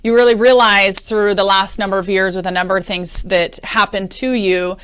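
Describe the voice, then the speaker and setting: A woman hosting a podcast interview, chatty and quick to laugh. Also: mid-range voice, steady tone, fairly bright tone, smooth. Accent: American. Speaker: podcast host.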